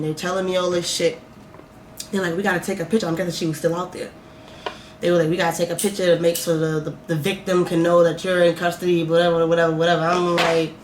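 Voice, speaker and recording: A woman telling a personal story in a vlog, animated and profane, swinging between loud outbursts and slow, quiet musing. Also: on the low side. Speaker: vlogger. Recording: roomy echo, faint background noise.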